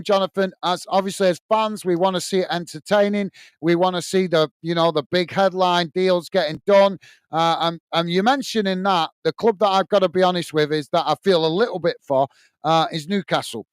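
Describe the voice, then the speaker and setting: Male British livestream host, chatty, lots of fillers; higher voice, clear tone. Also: fairly quick, no echo. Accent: British English. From United Kingdom. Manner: chatty, many fillers and restarts, friendly asides to viewers. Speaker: host of a football fan livestream. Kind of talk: casual live chat reading viewer comments.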